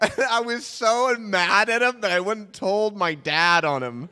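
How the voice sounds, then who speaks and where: A young man telling a comic story on stage, rambling and self-mocking with halting restarts. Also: high-pitched, pushed and bright, in a large hall, a little hiss or hum.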